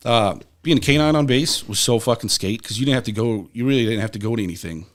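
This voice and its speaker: A man's voice: medium pitch, fast. A young adult man, a podcast guest, telling rambling, profane stories in casual talk. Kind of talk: casual storytelling.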